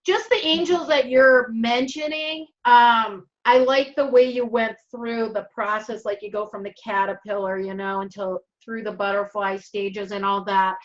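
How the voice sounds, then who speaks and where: A woman's voice: a little high, steady tone, moderate pace, few pauses. A woman with a Minnesotan accent hosting a live stream, chatting in an upbeat, rambling way over a video call. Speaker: host. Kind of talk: casual live-stream chat. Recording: dull video-call audio.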